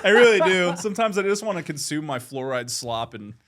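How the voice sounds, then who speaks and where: A man's voice: fairly high pitch, very animated, a little fast, fairly bright tone, slight background noise. Easygoing man, casual podcast chat. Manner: easygoing, laughs often, hedging restarts. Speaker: podcast co-host.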